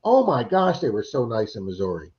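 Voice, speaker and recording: A man's voice: medium pitch, a little fast. Chatty storytelling man on lo-fi stream. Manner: animated storyteller, acts out quoted voices. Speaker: livestream host. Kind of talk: casual chat. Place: Florida.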